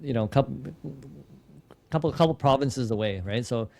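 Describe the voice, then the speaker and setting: Speaking at a normal speed in a creaky, darkish mid-range voice, a man from Canada recounts an anecdote as a podcast guest and entrepreneur. He frequently restarts and repeats words and quotes what he himself said, keeping the interview casual.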